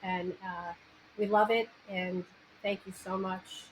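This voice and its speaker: A woman's voice: mid-range voice, level tone, takes it slowly, low-quality recording. A woman with a New York Italian accent hosting a casual interview, talking animatedly and restarting her sentences. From New York area. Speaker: podcast host. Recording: faint background noise, backup mic.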